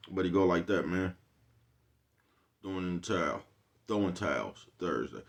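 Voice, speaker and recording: A man with a very low, deep voice talks straight to his viewers in a loose, rambling monologue. He leans on street slang and swearing, and keeps checking in with his listeners as he drifts from one life lesson to the next. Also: animated, moderate pace, vocal fry, pauses often. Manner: rambling, profane, streetwise slang, keeps asking "you know what I'm talking about". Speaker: vlogger host. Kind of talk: casual motivational monologue.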